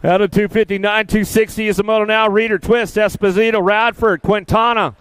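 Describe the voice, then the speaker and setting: A man calling a live BMX race, rattling off rider names and positions in quick bursts and chatting to the riders in a chummy way. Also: high voice, fairly even intonation, fairly bright tone, smooth, no room sound. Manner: rapid-fire calls of rider names and positions. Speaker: race announcer. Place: outdoor race track.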